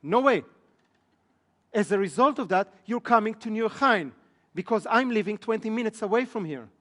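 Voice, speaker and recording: Delivering a live business seminar, this trainer has a high-sitting, animated voice, normal speed and a fairly bright tone. He stands before an audience in a training room, and the hall echoes. He often asks the room questions to check in.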